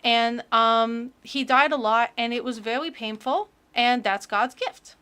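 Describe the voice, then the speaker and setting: A sweet, earnest little girl reads a storybook aloud in a sing-song, stumbling way, as a woman puts the voice on. The voice sits fairly high, and it comes out bright and loud. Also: clear, resonant tone. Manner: sing-song, halting, with childlike mispronunciations. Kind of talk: reading a children's book aloud in character.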